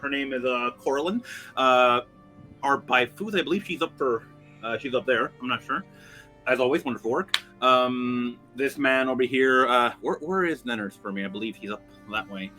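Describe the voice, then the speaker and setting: A man's voice: mid-range voice, normal speed, bright, forceful tone, soft background music. A man introducing his tabletop character hesitantly, with many fillers and swearing. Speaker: player. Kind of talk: casual tabletop chat.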